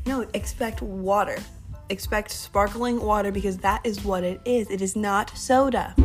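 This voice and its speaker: A woman's voice: mid-range voice, a little fast, faint music behind. Rambling young woman hosting a chatty podcast. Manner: rambling, chatty, self-interrupting. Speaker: podcast host. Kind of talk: casual Christian podcast talk.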